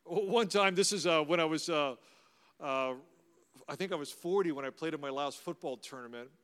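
On the high side and clean in tone, a middle-aged pastor speaks at normal speed while sharing personal stories in a sermon. He is conversational and anecdotal with warm humor, and a large hall lends a long reverb.

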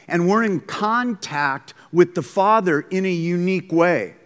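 A man's voice: high-pitched, normal speed, hardly any pauses, a bit bright. A man preaching a conversational, emphatic sermon as pastor, recorded in a school gym. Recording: long hall reverb.

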